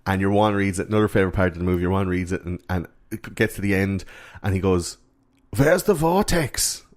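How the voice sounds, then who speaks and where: Lower-voiced man, rambling film chat. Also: flat delivery, quick pace. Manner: rambling, sweary, retells scenes. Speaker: podcast host.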